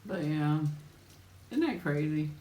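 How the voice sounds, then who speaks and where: A woman's voice: low voice, animated, takes it slowly, warm tone, echoey room. A woman hosting a casual live chat with viewers while eating. She tells stories in a chatty way and often laughs as she talks.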